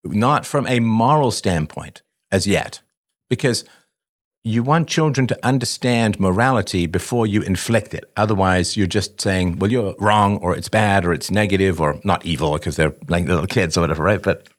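A man's voice: deep voice, moderate pace. A man hosting a live call-in show, giving parenting advice in a conversational way, posing rhetorical questions and often asking "right?". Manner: acts out parent-child dialogue. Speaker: host answering a caller.

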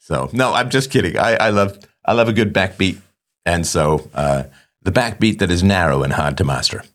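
A man's voice: low voice, normal speed. A middle-aged man hosting a show, talking casually to listeners in a rambling, wry way with self-mocking asides. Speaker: show host.

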